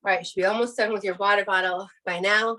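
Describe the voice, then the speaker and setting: A woman's voice: mid-range voice, fairly even intonation, quick pace, bright, forceful tone, distant mic, rough recording. A woman fitness instructor coaching a workout with upbeat, encouraging cues, out of breath.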